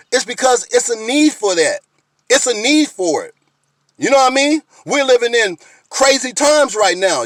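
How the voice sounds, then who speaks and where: Fired-up man ranting, high-pitched and dry. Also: fairly bright tone, dry recording. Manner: blunt, fired-up, profane, keeps repeating "you know what I mean". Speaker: video blogger. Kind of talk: impassioned direct-to-camera rant.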